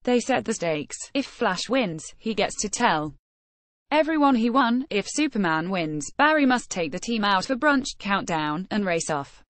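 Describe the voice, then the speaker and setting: A woman's voice: mid-range voice, very animated, measured pace, a bit bright, no echo. A woman narrating a scripted explainer, reading out an article word for word, page labels included.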